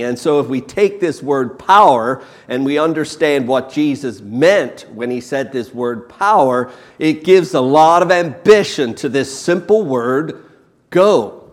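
A male preacher delivers a sermon at an unhurried, deliberate pace, leaning hard on repeated words. His voice sits in the middle range. The sound trails off into a long hall reverb. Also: medium pitch, lively intonation. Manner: slow, emphatic, repeats key words.

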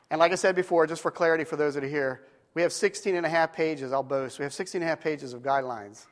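A man preacher in a church, telling a story in a relaxed, conversational way and stretching out key phrases for weight. His voice sits slightly high, and a long hall reverb trails behind every line. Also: quick pace. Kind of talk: storytelling sermon.

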